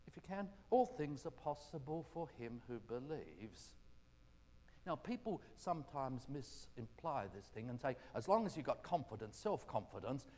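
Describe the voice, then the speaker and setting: A man preaching a gentle, conversational sermon full of rhetorical questions. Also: fairly high pitch, a little hiss or hum. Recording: echoey hall reverb.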